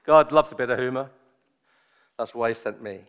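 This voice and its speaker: A man preaching a sermon, joking and chatty with his congregation at first, then slow and solemn. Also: mid-range voice, a bit bright, clean tone, lo-fi sound. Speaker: visiting preacher.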